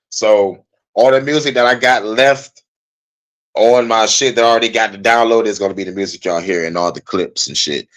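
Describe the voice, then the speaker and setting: A young man hosting a live-streamed podcast, venting casually and profanely with big swings in pitch and loudness. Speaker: podcast host.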